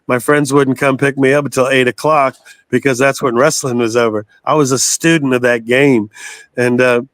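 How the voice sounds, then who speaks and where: A man's voice: mid-range voice, steady tone, normal speed, fairly bright tone, dry recording. A man in his sixties from the United States, a guest telling long rambling stories in a casual interview and swearing freely. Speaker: guest, metal singer.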